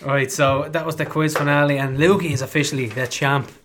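A man's voice: a little high, flat delivery, brisk, crowd noise. Man hosting a podcast quiz. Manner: upbeat, running the games. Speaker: podcast host. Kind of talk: casual chat.

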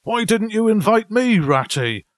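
A man's voice: high voice, very animated, unhurried, no echo, voice pushed up. A man voicing a jovial, sociable male otter in a storybook reading, in a hearty, chuckling way. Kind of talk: storybook voice acting.

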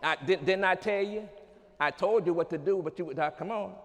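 Preacher man, high voice, call and response, gets loud, big hall echo. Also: brisk. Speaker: pastor. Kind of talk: sermon.

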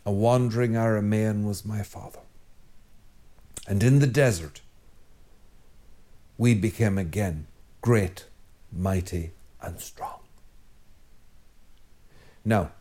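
Slow-speaking Irish priest preaching. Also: male voice, lowish voice, warm tone. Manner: conversational and digressive, repeats phrases for emphasis. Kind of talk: Sunday homily.

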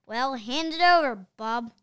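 A woman's voice: on the high side, unhurried, fairly bright tone, clear, resonant tone, no echo. Woman reading as a mischievous schoolboy. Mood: eager.

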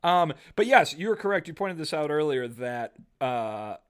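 A man's voice: fairly high pitch, big pitch swings, measured pace, a bit bright, clean tone. A man co-hosting a podcast, recapping a comic book with jokey asides in casual chat. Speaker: podcast co-host.

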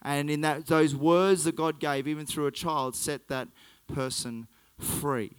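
A man's voice: on the high side, steady tone, a little slow, clean tone. A man preaching a sermon, telling a story and then making earnest, emphatic points.

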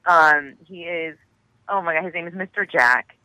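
A woman guest on a radio show, telling stories in an animated way and acting out the quotes with laughter. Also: fairly low pitch, moderate pace, no room sound, poor audio. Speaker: guest actress. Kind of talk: casual radio interview chat.

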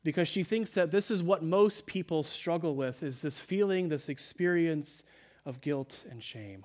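Preaching with earnestness inside a church sanctuary, a male pastor speaks in a voice somewhat higher than average for a man. Quotations get a soft, slowed-down hush.

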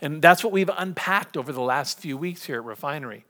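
A middle-aged man preaching a sermon as pastor, conversational and storytelling, slipping into lively impressions. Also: on the high side, a little fast.

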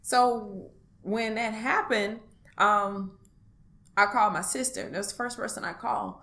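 A woman speaking in an interview, giving a personal account in a halting, hesitant way with many pauses and restarts. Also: medium pitch, bright, forceful tone. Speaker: interview guest.

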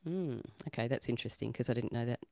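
A man's voice: mid-range voice, fast talker, creaky, a little mellow, no echo, clean studio sound. A man on a casual podcast panel, thoughtful and tentative, laughing easily as he talks.

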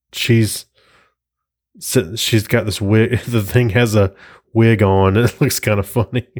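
Low-voiced man rambling through a podcast. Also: darkish tone. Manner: rambling, chuckling, reads captions aloud while flipping pages. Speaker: podcast host. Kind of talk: casual solo podcast chat.

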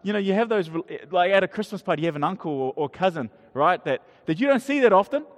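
High-voiced man preaching casually in a hall. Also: lively intonation. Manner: conversational, halting with many restarts and asides to the audience. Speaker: pastor. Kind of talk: casual sermon. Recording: long hall reverb.

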